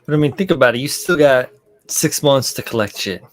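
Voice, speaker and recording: A man's voice: medium pitch, animated, brisk. A man on a stream chatting casually, joking and laughing often. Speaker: stream guest. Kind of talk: casual chat.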